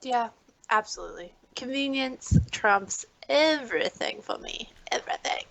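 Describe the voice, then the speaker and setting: Bright-voiced teasing woman co-host. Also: on the high side, animated, normal speed, creaky, low-quality recording. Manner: teasing, easygoing. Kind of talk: casual live-stream chat. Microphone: video call.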